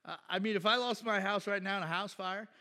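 In a church's large hall, a high-pitched male pastor delivers a quick, blunt sermon in a conversational style. He stays animated, swapping remarks with the congregation as he goes.

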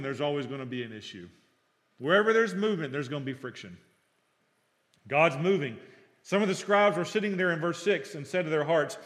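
A middle-aged male pastor preaching a sermon, telling stories and acting out dialogue, swinging between loud and hushed. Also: on the high side. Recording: long reverb of a hall.

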